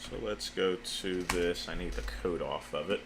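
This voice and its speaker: Over background noise, a man livestreams while working at a computer, his low voice steady and at a normal speed. He mutters his steps to himself and curses now and then in frustration.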